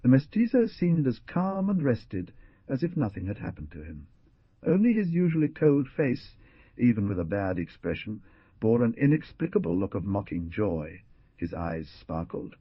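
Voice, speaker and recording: A man's voice: on the low side, sing-song, normal speed, husky, no room sound, muffled recording. A man narrating an adventure novel audiobook with dramatic, swooping emphasis.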